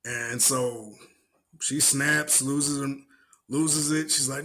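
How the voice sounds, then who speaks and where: Speaking slowly at medium pitch, this young co-host walks through an online fight on his podcast. It's a casual, animated retelling full of slang, swearing, laughter and imitated voices.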